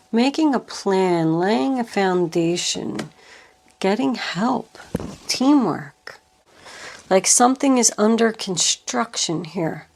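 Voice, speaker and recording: Slow, meandering woman tarot reader. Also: medium pitch. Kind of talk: tarot reading to camera.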